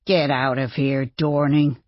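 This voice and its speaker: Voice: mid-range voice, level tone, takes it slowly, dry recording, lightly acted. An audiobook narrator voicing an arrogant landowner who snaps angrily. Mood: hostile. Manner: snapping, angry, through clenched teeth. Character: angry arrogant landowner man. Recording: dull lo-fi dry.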